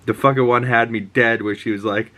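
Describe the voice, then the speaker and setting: A man's voice: mid-range voice, steady tone, brisk, fairly bright tone. A man in his twenties gives a rambling, profane, enthusiastic recap of a show, full of fillers. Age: 20s.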